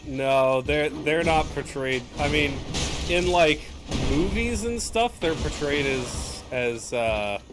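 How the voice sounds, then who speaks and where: A man's voice: on the high side, expressive, slow. A man chatting casually and rambling with wry asides while playing a video game. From United States. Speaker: gameplay streamer. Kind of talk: casual gameplay commentary. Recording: loud game music behind.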